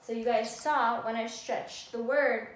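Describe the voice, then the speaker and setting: In a recorded classroom lesson, a woman with a slightly high voice teaches young children how to write sentences. Her tone is steady and unhurried, and she speaks in a patient, sing-song way. The room is echoey and she sounds far from the microphone.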